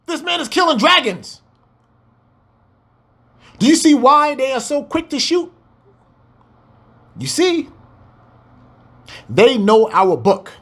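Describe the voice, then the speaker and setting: A man's voice: very high voice, very animated, slow pace, pauses often, fairly bright tone. A man preaching a fiery scripture breakdown, firing rhetorical questions and swearing as he exclaims.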